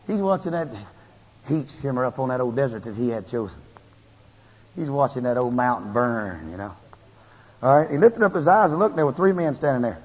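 A man preaching a sermon in a folksy, animated way, his emphasis rising and building as he goes. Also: mid-range voice, brisk, husky. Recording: lo-fi tape with long hall reverb.

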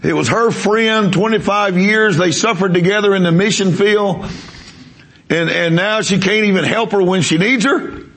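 A preacher man telling a story in a sermon, his voice a bit high and full of gravel. He talks emphatically, doubling back on his words as he pushes the story forward. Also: moderate pace, fairly bright tone, a little hiss or hum.

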